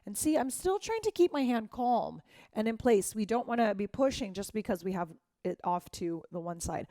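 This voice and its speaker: A woman's voice: mid-range voice, expressive, moderate pace, warm tone, dry recording, clean studio sound. A woman teaching a dance class, who encourages her students, counts beats aloud and scats the rhythms as she demonstrates. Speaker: dance instructor.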